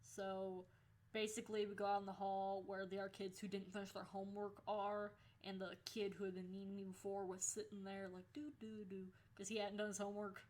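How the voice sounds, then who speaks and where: A young woman in a casual storytelling vlog, with a voice that sits in an ordinary middle pitch. She talks candidly and swears freely, laughing her way through the tale. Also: completely flat delivery, fairly quick, darkish tone. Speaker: vlogger.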